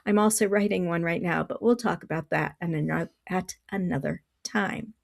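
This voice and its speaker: A middle-aged woman giving an earnest, measured book review vlog with small self-corrections. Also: on the low side, vocal fry.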